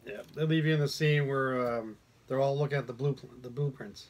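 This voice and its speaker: A woman co-hosting a podcast who chimes in with quick jokes and quips in casual chat. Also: very deep voice, darkish tone. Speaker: podcast co-host.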